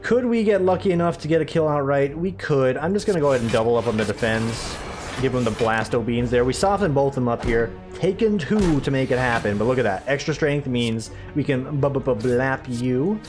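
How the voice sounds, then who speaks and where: A man's voice: mid-range voice, fairly quick, a little mellow. Brief: man, mid-range voice, casual let's-play chatter, sarcastic and rambling, faint music behind. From United States. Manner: rambling, sarcastic, joking asides. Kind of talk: casual gameplay commentary.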